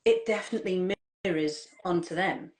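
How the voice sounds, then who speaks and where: Soft-spoken woman, halting parenting coach. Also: on the low side. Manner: halting, with many restarts and repeated words. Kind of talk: casual conversational chat.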